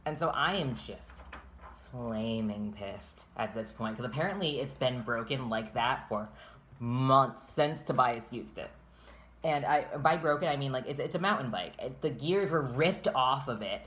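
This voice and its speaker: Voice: medium pitch, expressive, unhurried, a bit bright. Rambling, profane storyteller in casual chat. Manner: rambling, profane, restarts often. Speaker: storyteller vlogger.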